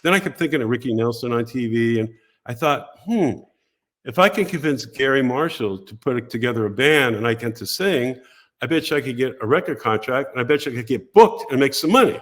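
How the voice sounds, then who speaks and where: An older man, a podcast guest, telling animated stories from his career and briefly acting out other people's voices. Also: mid-range voice, fairly quick. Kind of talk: casual storytelling interview.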